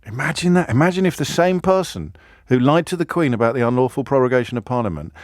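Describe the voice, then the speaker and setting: A British man on a radio show, working through a sarcastic monologue in a medium-pitched voice. He leans hard on repetition and mock disbelief, and his voice pushes upward as the sarcasm builds. The studio sound is close and dry. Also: no room sound. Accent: British English. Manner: mocking, repetitive, rising incredulous emphasis. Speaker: radio phone-in host. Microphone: studio microphone.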